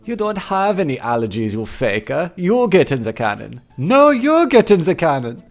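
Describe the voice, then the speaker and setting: A man's voice: a little high, sing-song, normal speed, faint music behind, pitched above the performer's own voice. A man voicing two quarrelsome circus acrobat brothers from a game, with a put-on Italian accent and hammy showman patter. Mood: bickering. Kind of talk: reading game dialogue aloud in character.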